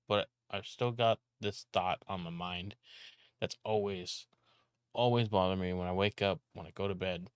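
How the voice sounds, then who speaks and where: Loud rambling man, smooth low voice. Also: dry recording, clean studio sound. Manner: loud, rambling, with frequent restarts and swearing. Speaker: content creator and video editor. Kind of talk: casual vlog rant.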